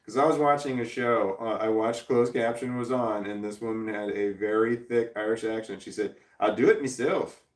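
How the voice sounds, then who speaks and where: Reading his chat aloud, a livestreamer in his forties rambles, swears freely and chuckles at viewers' messages. He has a lowish, level voice and keeps a moderate pace with few pauses, picked up roomily by a distant mic.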